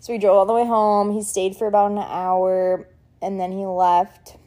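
A woman's voice: mid-range voice, little pitch movement, normal speed, warm tone. A young woman vlogging in a casual, chatty, sentimental way, full of likes and ums. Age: young adult. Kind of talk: casual chat.

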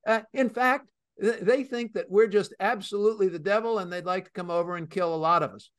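A man hosting a radio talk show, telling stories emphatically with many pauses and fillers. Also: high-pitched, a bit bright, clear, resonant tone, no echo, studio quality. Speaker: host.

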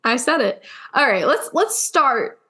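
A woman's voice: sits high, big pitch swings, measured pace, sharp tone, breathy edge. Chatty, sarcastic woman podcaster. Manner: chatty, sarcastic, mocks family in quoted voices. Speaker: podcast co-host. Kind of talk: casual chat.

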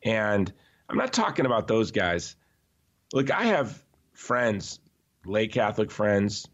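A man talking as a podcast guest in an emphatic, animated way, often restarting his sentences. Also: fairly low pitch, slow. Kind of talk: conversational podcast interview. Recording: slightly dull, lo-fi audio.

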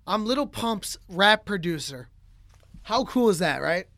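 A man co-hosting a casual podcast, telling a story in an animated way with many fillers. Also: sits high, unhurried, no echo. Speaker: podcast co-host.

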